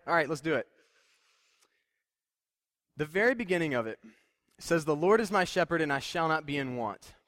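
A man's voice: a little high, fairly bright tone, no room sound, studio quality. Plain-spoken young man preaching a casual sermon. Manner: plain-spoken, self-deprecating, conversational with many fillers.

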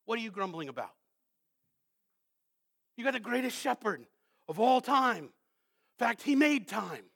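A male pastor preaching a sermon, moving from hushed questions to loud, emphatic calls and reading scripture slowly. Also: very high voice, sing-song, gravelly. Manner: slows down to read scripture with weight; asks the congregation many rhetorical questions.

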